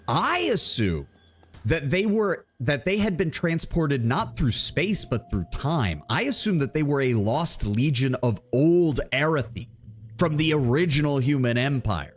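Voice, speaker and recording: A man streaming a game, chatting casually with viewers, excitable and profane. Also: fairly high pitch, measured pace. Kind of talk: casual gameplay commentary.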